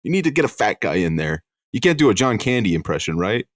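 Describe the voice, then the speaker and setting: Lively, playful man co-hosting a podcast. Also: lowish voice, fast talker, dry recording, clean studio sound. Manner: loud, playful, jokey. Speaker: podcast co-host. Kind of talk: casual comedy podcast banter.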